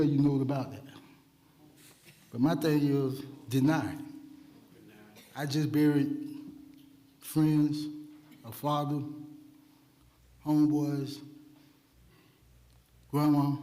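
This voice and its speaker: A man's voice: mid-range voice, a little mellow. A man giving a blunt public comment at a city meeting, repeating his points and asking pointed questions. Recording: long reverb of a council chamber.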